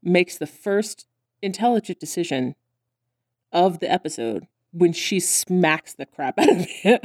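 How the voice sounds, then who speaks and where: A woman co-hosting a podcast, chatting casually about a cartoon episode, laughing often and acting out characters' lines in high squeals. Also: animated, measured pace, darkish tone, no room sound, clean studio sound. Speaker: podcast co-host.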